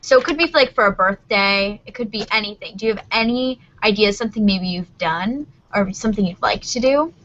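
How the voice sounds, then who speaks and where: A woman hosting a casual support-group video chat, upbeat and quick to laugh, steering the conversation. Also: medium pitch, fairly bright tone. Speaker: host of a support group call. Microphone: video call. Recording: dull lo-fi video call audio.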